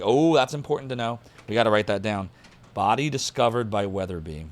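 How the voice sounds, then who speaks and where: A low-pitched man with a lively, swinging delivery, casually streaming a mystery game. He reads the in-game articles aloud, then muses to himself in a chatty, thinking-out-loud way as he writes down clues. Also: a little fast. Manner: chatty, thinks aloud while taking notes. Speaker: streamer playing a detective game. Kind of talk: casual live-stream commentary, reading game text aloud.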